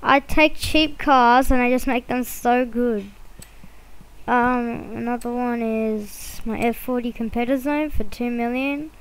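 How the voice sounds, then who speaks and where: A woman's voice: on the high side, steady tone, unhurried, clear, resonant tone, low-quality recording. A woman giving casual, rambling commentary while she plays a driving game, with many fillers and restarts. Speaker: gameplay video creator.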